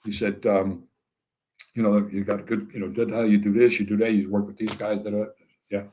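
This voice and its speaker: A man's voice: lowish voice, a little fast, a little hiss or hum. An older American man telling candid stories in an interview, acting out both sides of conversations with dry humor. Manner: animated, acts out dialogue with a dry wit. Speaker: interview guest. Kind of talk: candid storytelling.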